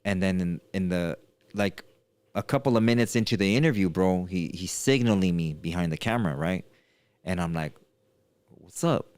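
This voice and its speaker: Low smooth-voiced man telling a story. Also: normal speed, no room sound. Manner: animated storyteller, acts out quotes in higher voices. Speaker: podcast host. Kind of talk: casual podcast chat.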